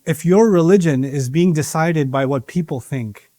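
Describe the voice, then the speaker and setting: Middle-aged man, high voice, lively preaching to youth, rhetorical questions. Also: moderate pace. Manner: animated, asks rhetorical questions and acts out voices of others. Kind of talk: sermon to young people.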